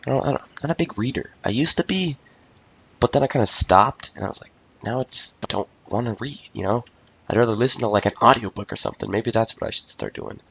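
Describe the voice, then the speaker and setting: A man's voice: medium pitch, quick pace, creaky, fairly bright tone, husky. A young man in his late teens ranting casually into a microphone as host of his own podcast, exasperated and swearing freely. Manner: repeats "I tell you what" and "ridiculous". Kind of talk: casual solo podcast rant. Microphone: talking into a microphone.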